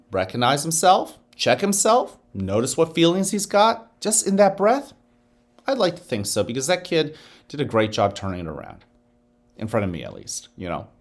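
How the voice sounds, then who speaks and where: Casting: male school principal, expressive and varied pitch, gentle guided breathing, encouraging morning announcements. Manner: slow, soothing guided-breathing instructions; upbeat, encouraging address to children. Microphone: office microphone.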